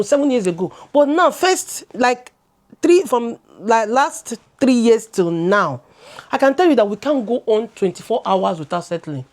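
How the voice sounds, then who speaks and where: A Nigerian woman in her thirties, co-hosting a relaxed talk show. She talks animatedly, drifts between English and Pidgin, and circles back over her own words as she makes her point. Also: mid-range voice. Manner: animated, switching into Pidgin, laughing, repeating words as she goes. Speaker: co-host. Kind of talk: casual chat.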